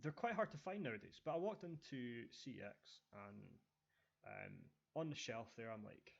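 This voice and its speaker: A man's voice: medium pitch, normal speed, gravelly. A man with a Scottish accent telling stories in a casual podcast chat, with lots of ums and uhs. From Scotland. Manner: relaxed storytelling with many fillers. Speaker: podcast co-host. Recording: dull lo-fi audio.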